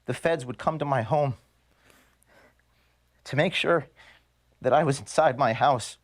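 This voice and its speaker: A man, the founder of an organization, reading an earnest, measured video statement to his staff from his office. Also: mid-range voice. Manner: earnest, measured, grievance-laden. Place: office at headquarters.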